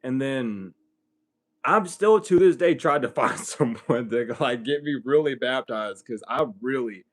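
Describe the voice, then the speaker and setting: A young man hosts a late-night livestream in a loose, unscripted monologue. He talks bluntly and swears freely, and his voice sits at an ordinary middle pitch. He often climbs into loud, heated bursts. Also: animated, unhurried. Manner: blunt, profane, rising to heated outbursts. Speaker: livestream host.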